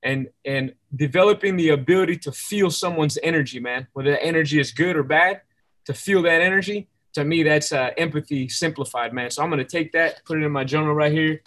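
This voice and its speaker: Male podcast host, eager and reflective, slightly raised pitch, casual talk. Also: fairly quick, a bit bright. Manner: enthusiastic, reflective, repeats words while thinking. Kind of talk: casual interview conversation.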